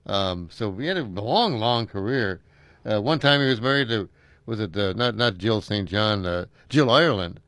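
An older American man chatting casually, rambling and chuckling, pausing often with halting fillers. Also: fairly low pitch, expressive, fairly bright tone, dry recording. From United States. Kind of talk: casual chat.

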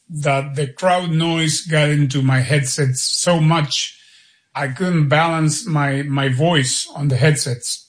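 Man, enthusiastic announcer. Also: a little high. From Argentina. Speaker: soccer play-by-play announcer, guest. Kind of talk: interview answers.

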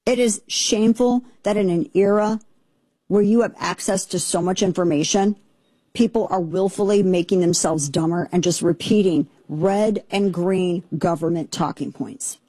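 A woman hosts a talk radio show in a low, mellow, slightly husky voice. She rambles in an indignant, sarcastic tone. The sound is dry and close on a studio microphone. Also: moderate pace, no echo. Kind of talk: opinionated talk radio monologue.

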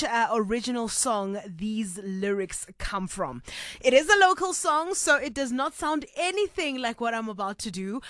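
A woman's voice: on the high side, fairly bright tone, dry recording. A woman hosting a late-night radio show in a studio, chatty and playful, laughing easily. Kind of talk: casual radio chat. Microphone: studio microphone.

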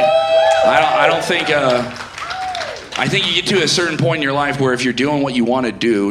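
A man's voice: medium pitch, a bit bright. A man doing stand-up comedy in a rambling, self-interrupting, wry way. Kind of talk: stand-up routine.

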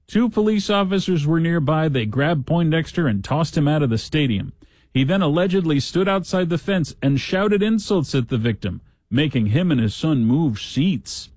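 A man's voice: on the high side, expressive, moderate pace, darkish tone, dry recording, studio quality. A man hosting a talk show, giving casual news commentary with sarcastic, joking asides.

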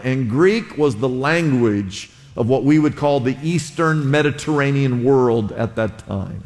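Man, slightly high voice, pastor giving a chatty sermon, has the congregation repeat after him; reverberant church. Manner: conversational, asks the congregation to repeat words. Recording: long hall reverb.

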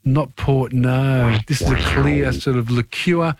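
A man's voice: mid-range voice, fairly even intonation, slow pace, dry recording, studio quality. A man hosting a talkback radio quiz, chatting with one caller after another.

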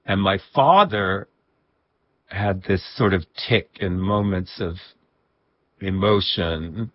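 A man recalling personal memories in a reflective interview, with a husky voice and soft laughs. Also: sits low, slow pace, no echo, lo-fi sound. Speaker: guest. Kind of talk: reflective storytelling.

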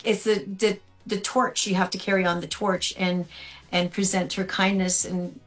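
A woman tribute performer answering interview questions over a remote call, earnest and halting, with many restarts. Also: mid-range voice, level tone, soft background music.

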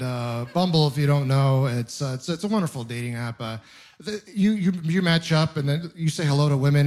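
Young guy doing stand-up, chatty and self-deprecating, voice sits a bit high. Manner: conversational, self-deprecating storytelling with laughs. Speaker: stand-up comedian. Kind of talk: stand-up comedy set. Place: live comedy venue with audience.

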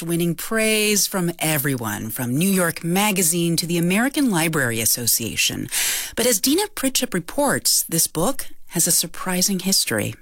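A woman's voice: on the low side, a bit bright, no room sound, studio quality. A woman introducing a news story as an anchor.

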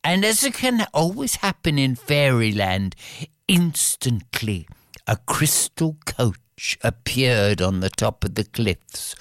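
A woman telling a fairy tale aloud with an expressive, drawn-out delivery. Her voice sits low and moves very slowly. It is smooth and clear, recorded close and dry. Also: dry recording. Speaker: storyteller. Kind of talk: oral fairy-tale storytelling.

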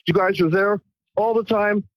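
Stammering, grateful high-voiced male caller. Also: fairly even intonation, normal speed, no echo, muffled recording. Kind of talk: phone-in call to radio show.

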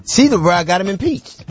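Animated male talk show host, lo-fi. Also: sits high. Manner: animated, joking, quick repeated restarts. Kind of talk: casual radio talk show banter.

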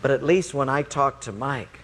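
God speaking low n slow, solemn and firm as a preacher puts him on. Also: male voice, a bit bright, a little hiss or hum, close to an everyday voice. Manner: slow, grave, measured.

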